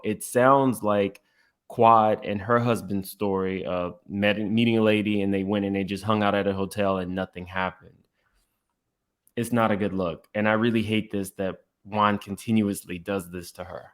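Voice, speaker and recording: A man's voice: fairly low pitch, fairly even intonation, normal speed. A man hosting a reaction commentary, blunt and opinionated, talking straight to his viewers. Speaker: commentary host. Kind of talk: reaction commentary on podcast clips.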